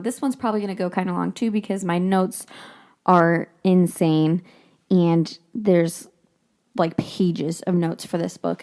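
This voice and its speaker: A young woman talks through her podcast from home in a loose, rambling way. Her voice sits a little low for a woman. She laughs easily and swears casually as she chats. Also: darkish tone. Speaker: podcast host. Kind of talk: casual solo podcast chat.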